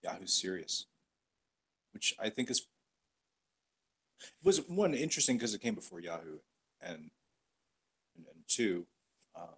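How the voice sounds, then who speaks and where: A man's voice: fairly low pitch, big pitch swings, measured pace, long pauses, slightly rough. A man hosting a casual livestream chat, rambling with lots of fillers and easy laughs. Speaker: podcast host.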